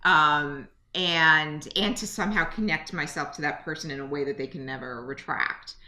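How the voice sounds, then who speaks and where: A woman co-hosts a podcast in candid, casual chat, her voice low, pushed and bright at normal speed. She's self-mocking and uses many fillers and restarts. The recording has a roomy echo.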